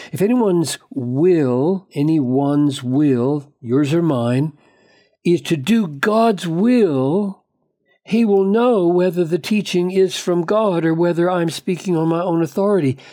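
A man preaching an expository Bible lesson, emphatic and deliberate, quoting verses and pressing each point home. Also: on the high side, mellow. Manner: emphatic, slow and deliberate with sudden bursts of speed on quotations.

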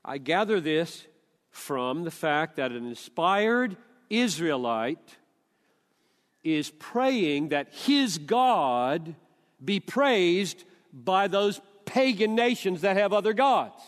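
An older man preaching a sermon, emphatic and deliberate, quoting scripture at length. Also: high voice, expressive, long reverb tail.

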